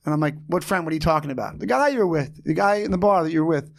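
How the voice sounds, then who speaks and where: A man hosting a podcast tells a story in an easy, casual way. His voice sits a little high. He acts out the other people's lines and laughs often. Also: very fast, vocal fry, few pauses. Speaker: podcast host.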